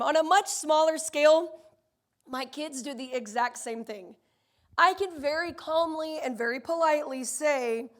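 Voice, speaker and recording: Female pastor, 30s, high-pitched voice, animated sermon delivery that acts out characters. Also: fairly quick. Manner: animated storytelling, acting out voices.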